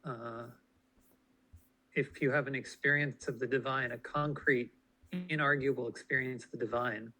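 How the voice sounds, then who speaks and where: A man talking reflectively in a group discussion, halting and searching with many fillers. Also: mid-range voice, steady tone, bright, forceful tone, low-quality recording.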